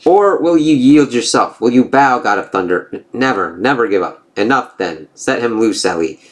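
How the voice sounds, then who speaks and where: A man's voice: medium pitch, expressive, moderate pace, close to an everyday voice. Man voicing a scornful old giant king of illusions, declaiming, comic-book read-aloud, mid-range voice. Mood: mocking. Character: ancient male giant king of illusion, taunting.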